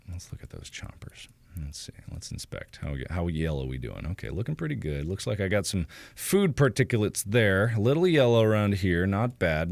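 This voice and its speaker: Gravelly man joking through a stream. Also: low-pitched, no room sound. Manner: joking, self-mocking. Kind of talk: casual livestream commentary.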